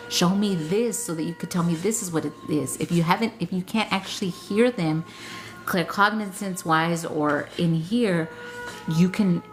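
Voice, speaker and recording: Blunt, profane woman healer. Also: on the low side. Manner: blunt, profane, laughs often, reads chat comments aloud. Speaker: spiritual healer hosting a live session. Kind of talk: casual live-stream chat.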